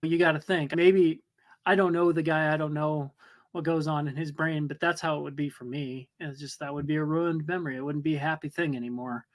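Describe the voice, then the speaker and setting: Male co-host, higher-pitched, reflective casual chatter. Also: fairly even intonation, brisk. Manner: reflective, thinking aloud. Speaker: podcast co-host. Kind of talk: casual conversation.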